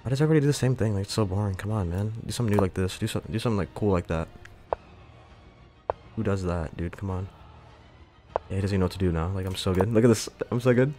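A young man with a deep, low voice talks through his game in casual commentary, swearing and mocking himself as his frustration flares. Faint music plays softly behind him. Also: fast talker, long pauses. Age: young adult. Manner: frustrated, swearing, self-mocking, jumpy outbursts. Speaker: gaming YouTuber.

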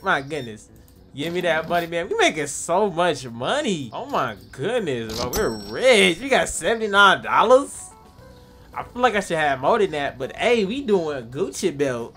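A man's voice: on the high side, bright, forceful tone. A young man, giving playful, hyped gameplay commentary and joking with the customers in the game. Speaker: gaming YouTuber.

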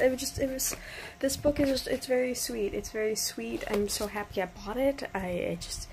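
A woman's voice: a little high, normal speed, vocal fry, darkish tone, a little hiss or hum, rough recording. A woman in her twenties from New York, gushing about a book in a rambling casual review with restarts and casual swearing. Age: 20s.

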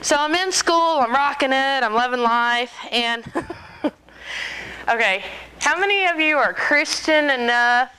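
A woman in her forties telling stories to an audience, animated and joking, laughing often. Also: high voice, takes it slowly, smooth, rough recording. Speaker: speaker. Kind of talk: storytelling talk to an audience.

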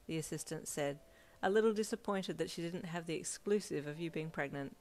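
A woman narrating a second-person fanfiction story in a calm, steady storytelling voice. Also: low voice, fairly quick.

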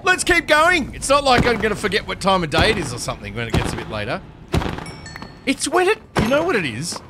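A man giving live gameplay commentary, excitable and talking to himself, often yelping and laughing. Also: sits high, brisk, noisy background. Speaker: Minecraft streamer.

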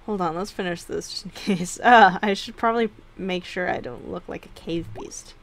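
A woman's voice: on the low side, moderate pace, gravelly, few pauses, slight background noise. A young woman casually commenting on her game play, chatty and giggly, yawning between remarks. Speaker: gaming video host. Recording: game music behind voice.

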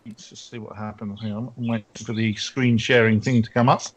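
A man's voice: on the low side, level tone, no room sound, dull audio. A man with a British accent joining a live stream call, bantering and joking. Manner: joking, quick to laugh. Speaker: co-host on a call. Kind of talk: casual banter.

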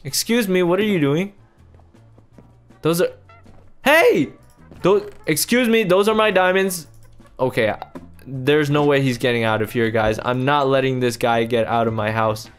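A young man giving excited gameplay commentary as a YouTuber, talking to his viewers in exasperated, loud outbursts. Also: medium pitch, unhurried, pauses often, smooth, faint music behind. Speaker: YouTuber playing a video game.

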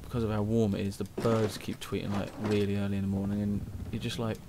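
A young man giving casual, excitable let's-play commentary at home, swearing often. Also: lowish voice, quick pace, noisy background. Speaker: gaming channel host.

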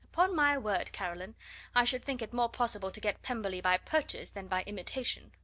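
A woman voicing an easygoing young gentleman who speaks in a cheerful, open way, in a storybook reading. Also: medium pitch, animated, a little fast, no room sound, close to an everyday voice. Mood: genial.

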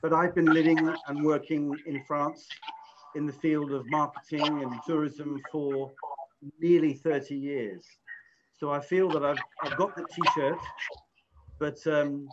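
Chatty Englishman hosting a webinar. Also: fairly high pitch. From England. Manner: chatty, self-deprecating, restarts often. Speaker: webinar host. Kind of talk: online webinar presentation. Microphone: video call. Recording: muffled lo-fi video call audio.

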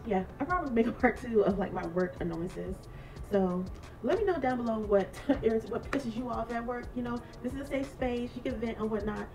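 A woman with a somewhat high voice tells a workplace story in a sassy, animated vlog style, full of laughs and asides. She sounds a little distant from the microphone, with faint music playing behind her. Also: brisk. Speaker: vlogger.

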